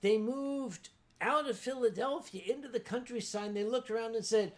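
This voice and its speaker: A show host from Pennsylvania telling anecdotes in a casual chat, acting out the voices of the people in the stories. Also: mid-range voice. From Pennsylvania, USA. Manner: unhurried anecdote telling, acts out quoted voices.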